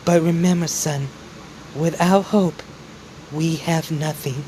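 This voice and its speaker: A man voicing a loving, proud late mother who speaks softly to her son in a fan-made story, in his own near-plain voice. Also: a little high, fairly even intonation, slow pace, slight background noise, rough recording. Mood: tender.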